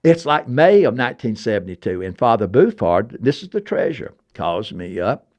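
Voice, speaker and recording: An older man in his seventies hosts a casual chat and spins long, digressive stories. His delivery is animated and emphatic, and his pitch swings widely as he talks, leaping up for the punch lines and dropping back down for the asides. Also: moderate pace. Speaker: podcast host.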